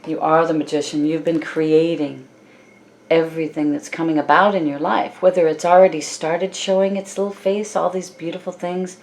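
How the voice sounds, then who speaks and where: Soft-spoken woman giving a gentle tarot reading. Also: deep voice, steady tone. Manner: soft, affectionate, addresses listeners as "my loves"; slow, drawn-out phrasing with gentle laughs. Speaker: tarot card reader.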